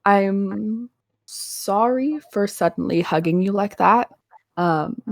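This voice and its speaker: A woman playing a shaken young tailed heroine in a tabletop game, halting and earnest. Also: medium pitch, gravelly, no echo, studio quality. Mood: apologetic. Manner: halting, earnest, stumbling over words. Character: shaken young woman with a tail, long imprisoned.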